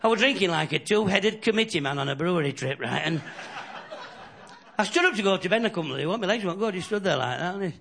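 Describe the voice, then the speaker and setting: A man from the north of England doing a bawdy stand-up routine, telling stories and slipping into quick character voices. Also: high voice, expressive, creaky, a bit bright. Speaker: stand-up comedian. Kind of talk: stand-up routine with crowd laughter. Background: audience laughter.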